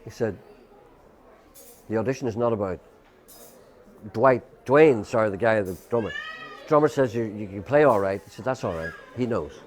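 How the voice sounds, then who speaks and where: A man's voice: on the low side, expressive, fairly quick, pauses often, darkish tone. An Irish man, a guest musician, telling a long rambling anecdote, quoting people's lines and filling with "you know".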